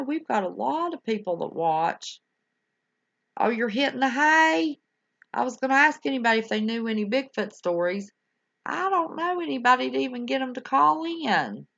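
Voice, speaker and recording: An older woman with a gravelly, medium-pitched, slightly bright voice hosts a livestream, casually chatting with live viewers. Her manner is folksy and affectionate, full of honey and y'all, and the audio is dull, lo-fi home stream sound.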